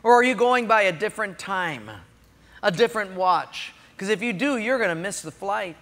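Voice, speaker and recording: A preacher voicing God as a patient, gently probing male voice, speaking softly and low. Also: expressive, normal speed, long reverb tail. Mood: gentle.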